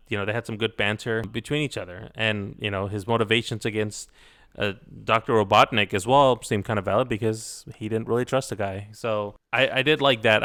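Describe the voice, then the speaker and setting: A man's voice: on the low side, a bit bright. A man co-hosting a podcast, giving a thoughtful, somewhat hesitant movie review in casual chat. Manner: thoughtful, hesitant, many restarts. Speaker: podcast co-host.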